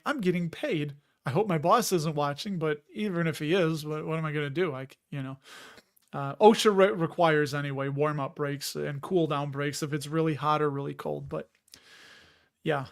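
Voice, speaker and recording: A middle-aged man casually chatting on a livestream, reading viewer comments, laughing often and restarting words. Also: fairly high pitch. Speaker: livestream host.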